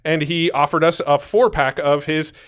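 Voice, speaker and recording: A man co-hosting a podcast in relaxed casual chat, dropping dry quips and short agreements into a studio microphone in a small office studio. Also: on the high side, moderate pace, clean tone. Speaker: podcast co-host.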